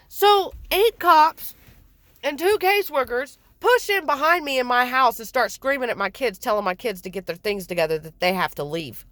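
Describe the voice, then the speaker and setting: A woman in her forties tells her own story in a blunt, heated rush, swearing freely and acting out what others said to her. Her voice sits a little high. The recording is close and dry, with no room sound. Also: animated, normal speed, a bit bright, no room sound. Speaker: mother telling her story. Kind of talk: angry personal storytelling.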